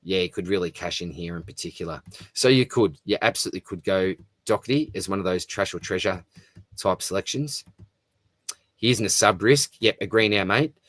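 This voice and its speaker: A man's voice: low-pitched, brisk, a bit bright. A man hosting a live stream, chatting casually and answering viewer comments, calling everyone "mate". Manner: matey, chatty, often says "mate". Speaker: fantasy football live stream host.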